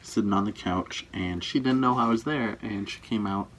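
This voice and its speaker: A man's voice: lowish voice, moderate pace, a bit bright, a little hiss or hum. A young man chatting casually with his girlfriend in a couple's video, with a dry, teasing way of talking. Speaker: boyfriend in a couple's tag video. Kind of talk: casual chat.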